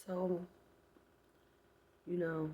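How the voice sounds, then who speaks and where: A woman's voice: lowish voice, level tone, drawn-out words, dark tone, breathy edge. A woman telling a personal story to her viewers in a casual storytime vlog, blunt and heavily profane, addressing them directly and acting out sounds as she goes. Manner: vivid retelling with sound effects. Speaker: storyteller vlogger.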